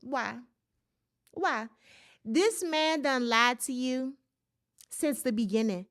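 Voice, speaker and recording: A woman's voice: high voice, takes it slowly, fairly bright tone. A woman hosting a solo podcast, ranting in casual commentary with incredulous, profane outbursts and speech. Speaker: podcast host.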